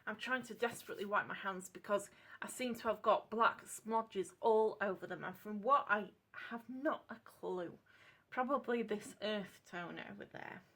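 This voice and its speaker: A woman with a British accent chatting at her home craft desk while she tests paints. She rambles, corrects herself and drops into soft asides. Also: mid-range voice, moderate pace. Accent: British English. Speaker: craft channel host testing paints. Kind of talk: casual craft demonstration chat. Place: home craft desk lit by a clip-on lamp.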